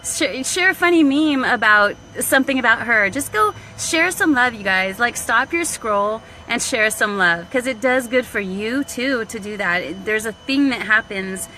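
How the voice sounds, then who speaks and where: A woman talking casually to viewers on a live stream, animated and slangy, acting out what people said and laughing often. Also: on the high side, a little slow, few pauses, a little hiss or hum, low-quality recording. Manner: animated, slangy, laughs a lot, acts out quotes. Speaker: online business vlogger.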